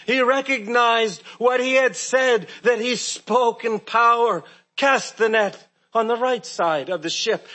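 A man preaching a sermon, earnest and asking rhetorical questions, often dropping soft and low at key words.

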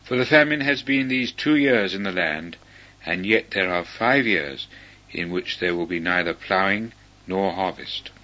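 A man reading scripture, voicing Joseph as an earnest, forgiving grown man who slows on key words. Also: deep voice, sharp tone. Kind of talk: slow measured scripture reading. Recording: dull lo-fi recording.

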